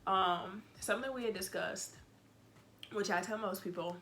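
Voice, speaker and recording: A woman's voice: mid-range voice, normal speed. A woman telling a storytime vlog in a blunt, exasperated way, cussing freely and acting out what she said back then. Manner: animated, acts out her own lines. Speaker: vlogger.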